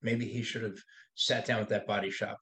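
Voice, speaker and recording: A man's voice: fairly low pitch, flat delivery, moderate pace, pushed and bright. Blunt, salty man in his sixties. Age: 60s. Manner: blunt, profane storytelling. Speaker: body shop owner and guest. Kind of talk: casual podcast conversation.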